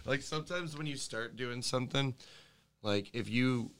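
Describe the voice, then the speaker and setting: Hombre que charla relajado en un podcast, se ríe mucho y divaga, con voz brillante. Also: male voice, medium pitch, normal speed, a bit bright. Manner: laughs often, rambling. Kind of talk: casual chat.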